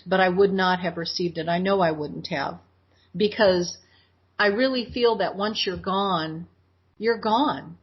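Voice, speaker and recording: A middle-aged woman, an interview guest, telling a personal story in an earnest, emphatic way and slowing down to stress her points. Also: on the low side, breathy edge, muffled recording.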